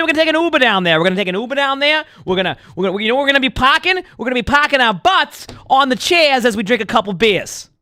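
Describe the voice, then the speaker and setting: A man playing a loud, pushy bar-hopping guy with a Boston accent, ranting with a brash, hyped sales pitch. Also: no echo, clean studio sound.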